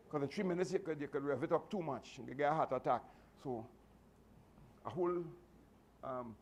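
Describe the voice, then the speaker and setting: A martial arts instructor with a lilt speaks to his students in a fairly high voice. He talks earnestly and in a fatherly way, circling back and repeating himself. A faint hum of noise sits under his words. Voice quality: repetitive, earnest, with frequent restarts. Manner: fatherly advice giving. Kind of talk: motivational speech to students.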